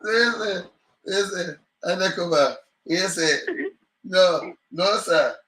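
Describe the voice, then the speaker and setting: A man's voice: sits high, takes it slowly, pushed and bright, poor audio. A Jamaican man in casual chat, teasing and prompting his friend's stories.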